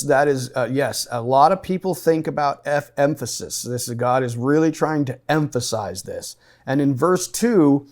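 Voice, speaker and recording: A man's voice: medium pitch, a little mellow. A man teaching a Bible study, asking questions and thinking aloud with a group in the room and online. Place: meeting room with online participants.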